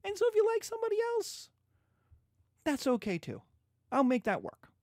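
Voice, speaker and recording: A man's voice: very high-pitched, wildly swooping pitch, moderate pace, dry recording, studio quality, pitched above the performer's own voice, exaggerated voice. A man voicing a wavering, indulgent father who frets and tries to please, then blusters. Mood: eager. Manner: hesitant, fussy, eager to please.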